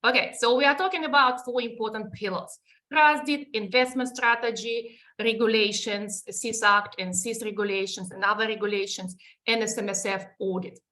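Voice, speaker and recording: A woman's voice: on the high side, fairly even intonation, moderate pace, pushed and bright. Russian-accented woman presenting a webinar. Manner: explanatory, with many restarts and fillers.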